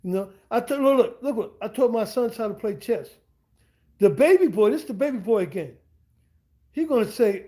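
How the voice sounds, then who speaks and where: A man's voice: very high-pitched, expressive, moderate pace, dark tone. A middle-aged man talking casually on a livestream from home, rambling and repeating himself with slangy asides to his viewers. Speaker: streamer and language teacher. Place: at home indoors.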